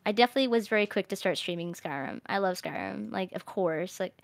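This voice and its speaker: A young woman streamer chatting casually in a rambling, animated way, laughing often. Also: medium pitch, quick pace, vocal fry, no room sound. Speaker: streamer host. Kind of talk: casual chat.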